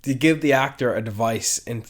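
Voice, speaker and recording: A man's voice: mid-range voice, normal speed. A man co-hosting a casual podcast, animatedly retelling scenes and often laughing. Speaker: podcast co-host.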